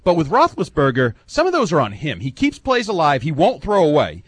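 A man's voice: fairly high pitch, fairly quick, husky, no room sound. A man co-hosting a sports radio show, breaking down the game with a joking edge. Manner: joking, animated analyst. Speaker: radio co-host. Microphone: studio microphone.

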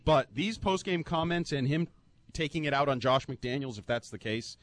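A man's voice: medium pitch, expressive, normal speed, dry recording. A man giving an emphatic, heated sports-talk rant as a football analyst, repeating his points for effect.

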